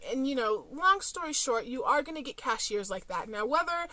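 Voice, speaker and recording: A woman's voice: high-pitched, animated, moderate pace, pushed and bright. A young woman vlogging about couponing, telling a story in a chatty, casual way with frequent fillers.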